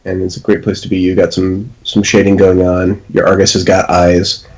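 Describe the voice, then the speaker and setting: A man's voice: sits low, normal speed, rough recording. A man on a podcast giving casual, friendly advice on painting miniatures. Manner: relaxed, advisory, self-deprecating humor. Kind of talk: casual chat.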